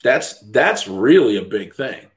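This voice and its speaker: A man's voice: mid-range voice, sing-song, a little slow. A middle-aged man, a dog trainer, talking in casual podcast chat, blunt and profane, mimicking other people's voices as he rants.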